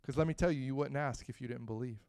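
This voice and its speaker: A man preaching a sermon, moving from quiet, close talk to loud, rising preaching and calling out to the congregation. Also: medium pitch, quick pace, clean tone, no room sound. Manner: calls out to the congregation.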